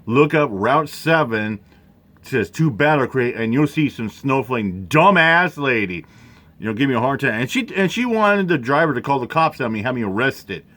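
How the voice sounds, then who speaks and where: A man giving rambling casual commentary over a video, halting often with fillers and restarts. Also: mid-range voice, animated, a bit bright.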